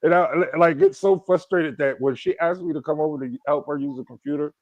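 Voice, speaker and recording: A man's voice: on the high side, fairly quick, no echo, highs cut off. A man co-hosting a livestream, telling rambling stories in casual chat. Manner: rambling storyteller, many restarts. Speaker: livestream co-host.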